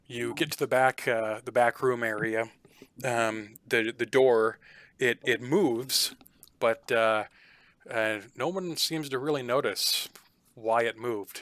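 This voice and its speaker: A man runs a tabletop game, describing each room in halting, filler-heavy narration. His voice is bright and forceful. The sound is close and dry, with no room around it. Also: lowish voice, no echo. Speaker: game master.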